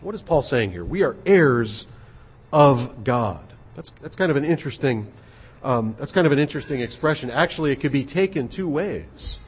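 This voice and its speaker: A man preaching an expository sermon, earnest and measured, often repeating his words. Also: medium pitch, expressive, slightly rough. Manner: earnest, measured, with frequent repetitions.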